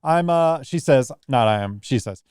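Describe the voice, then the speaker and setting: Playful male podcast host, smooth voice. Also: medium pitch, lively intonation, moderate pace, darkish tone, no room sound. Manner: playful, joking, rambling asides. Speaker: podcast host reading listener mail. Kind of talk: casual podcast banter.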